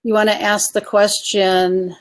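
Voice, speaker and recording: A woman's voice: medium pitch, little pitch movement, measured pace. A woman success coach giving an online coaching presentation, asking her audience questions and inviting replies in the chat.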